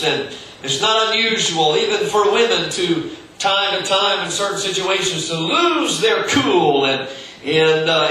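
A male pastor delivers a sermon in a bright, forceful voice, often stumbling and repeating words as he gathers his thoughts. He sounds distant from the microphone in a very echoey room, with faint noise behind him. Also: fairly high pitch. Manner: halting, repeats words while searching.

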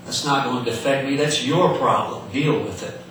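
A man voicing a gruff male cow who brushes off a warning, heard in an echoey hall. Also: mid-range voice, normal speed, background noise, close to an everyday voice. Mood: dismissive. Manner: brusque and dismissive. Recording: echoey hall, mic at a distance.

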